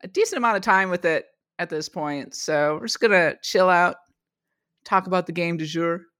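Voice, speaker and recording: A woman hosting a podcast, chatting casually and telling stories with animated energy. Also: lowish voice, moderate pace, clear, resonant tone, dry recording, clean studio sound. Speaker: podcast host. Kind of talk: casual chat.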